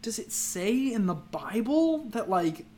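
A man's voice: high voice, sing-song, unhurried, mellow. A man co-hosting a podcast in casual comedic chat, laughing often and swearing freely as he acts out silly scenes. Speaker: podcast co-host.

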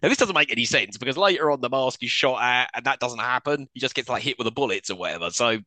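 Brief: male podcast co-host, lively and bright, dry close mic, giggly scene-by-scene recaps. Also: medium pitch, no echo. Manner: animated recapping, quick to laugh, acts out scenes. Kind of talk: casual film-review chat.

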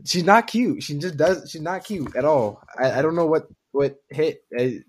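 A man's voice: on the high side, lively intonation, moderate pace, breathy edge. A young man co-hosting a casual podcast, talking in slang and stammering over his words. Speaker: podcast co-host. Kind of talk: casual chat.

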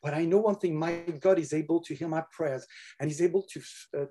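An older man whose first language is French, talking earnestly about faith and prayer in a halting way, often repeating words. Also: a little high, mellow, slight background noise. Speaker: guest. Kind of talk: casual Christian conversation.

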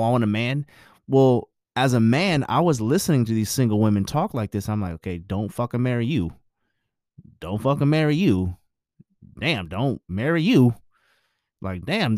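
A man's voice: medium pitch, darkish tone, no echo, studio quality. A married man giving his views in a blunt, preachy, profane casual monologue.

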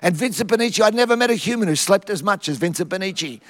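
High-voiced Australian preacher in a hall. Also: male voice, fast talker. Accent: Queensland Australian. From Queensland, Australia. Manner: lively storytelling, acting out Bible scenes with humour. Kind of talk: sermon. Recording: long hall reverb.

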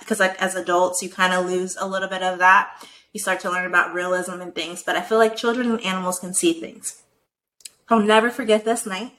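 Young woman, bright voice, casual storytelling, swears a lot, says like constantly. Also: mid-range voice, rough recording. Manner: animated, profane, many "like" fillers. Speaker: guest telling a personal story.

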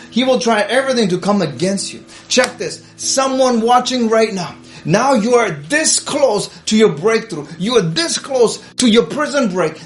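A male preacher delivering an urgent, exhorting sermon to livestream viewers. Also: high-pitched. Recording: echoey room with faint music.

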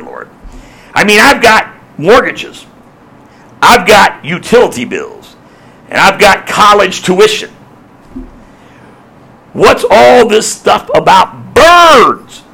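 A man acts out a frantic, worried man calling from a crowd. His protests come high and strained, with a bright, forceful edge and a gravelly catch. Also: exaggerated voice, poor audio. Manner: exasperated, rapid protests.

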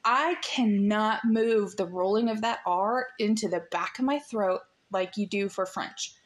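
A woman's voice: mid-range voice, unhurried. An American woman hosting a podcast interview, chatting in a bubbly way and laughing often. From United States. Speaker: podcast host. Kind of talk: casual interview chat.

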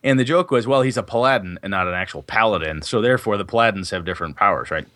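Man, low voice, rambling casual storyteller, swears freely, dry close sound. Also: fast talker, pushed and bright, no room sound. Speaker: podcast co-host, game master. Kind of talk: casual chat.

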